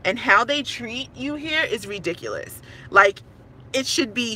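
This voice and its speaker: A woman's voice: fairly high pitch, expressive, unhurried, bright, forceful tone, a little hiss or hum. A stressed woman in her thirties, a tenant filming a complaint on her phone, talking emphatically and repeating herself in frustration. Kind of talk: ranting to camera.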